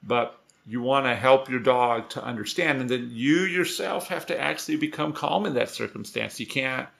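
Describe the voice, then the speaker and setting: A man with a gravelly, mid-pitched voice explains dog training in an easygoing way. His talk is loose and conversational, full of restarts and asides. He sounds like a trainer coaching owners. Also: normal speed. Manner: relaxed, conversational, many restarts. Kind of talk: casual instructional talk.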